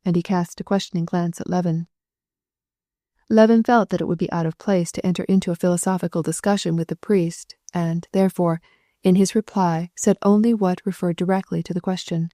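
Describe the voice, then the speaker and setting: A woman reading a classic novel aloud as audiobook narrator, in a measured, even way. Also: lowish voice, no echo, studio quality.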